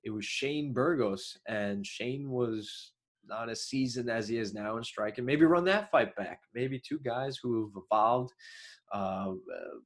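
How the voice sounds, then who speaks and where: A young man with a nasal, choppy Long Island accent talks through fight results on his MMA show. He rambles in loose, filler-heavy commentary. He keeps breaking into sudden excited outbursts. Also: mid-range voice, measured pace. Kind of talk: solo commentary.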